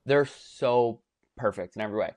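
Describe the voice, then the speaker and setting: A man's voice: medium pitch, normal speed. Gushing young man recapping a show. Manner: animated, gushing storyteller who swears casually. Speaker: podcast co-host. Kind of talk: casual chat.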